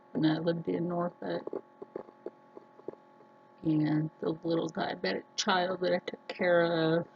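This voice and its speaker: Slow talking lady vlogger, kinda gravelly, faint hiss behind her. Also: fairly low pitch, a little mellow, highs cut off. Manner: earnest, slow, storytelling with many restarts. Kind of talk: casual personal talk to camera.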